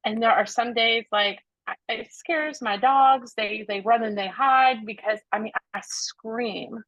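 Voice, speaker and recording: A woman's voice: a little high, measured pace, a bit bright, no echo. A woman on a video call in a coaching session, speaking hesitantly with many fillers but openly. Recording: dull, dry video-call audio.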